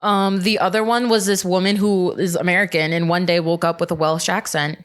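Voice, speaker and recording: A woman's voice: fairly low pitch, level tone, brisk, clean tone. A woman co-hosting a casual podcast, chattily explaining news snippets and stories to her friends. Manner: chatty, storytelling, upbeat. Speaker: podcast co-host.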